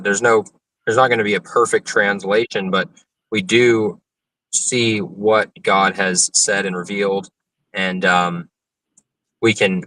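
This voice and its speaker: An earnest young man explains scripture at length, backing up and restarting as he thinks. His voice is bright and forceful, set somewhat low. It sounds dry and a little distant from the mic. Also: no room sound. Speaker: interview guest, open-air preacher. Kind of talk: explanatory interview answers on theology.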